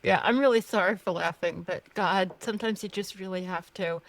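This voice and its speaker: Woman host, earnest, searching for words, mid pitch, dry sound. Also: fairly quick, no room sound. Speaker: podcast host. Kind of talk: interviewing guests.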